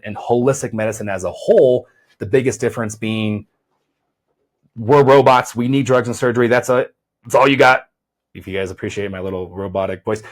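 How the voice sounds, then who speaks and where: A chiropractor who hosts a podcast talks conversationally about weight loss in a medium-pitched voice. He often repeats words while thinking and checks in with "right?".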